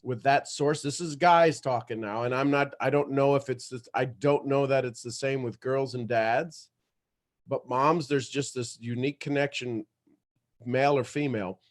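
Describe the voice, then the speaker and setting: A man hosting a motivational livestream, talking in an emphatic, animated storytelling way. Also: mid-range voice, normal speed. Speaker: motivational show host.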